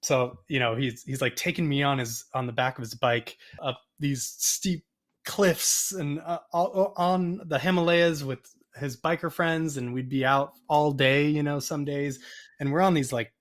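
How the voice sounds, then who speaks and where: A man guest telling a rambling, animated story in a casual interview, often acting out the voices of people he quotes. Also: fairly high pitch, normal speed. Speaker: photographer and podcast guest.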